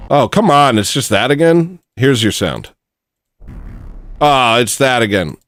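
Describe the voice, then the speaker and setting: A man's voice: mid-range voice, lively intonation, unhurried, a bit bright, no room sound. A man hosting a livestream, chatting casually and joking as he thanks viewers for donations. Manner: rambling, jokey, reads out super chats. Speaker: livestream host.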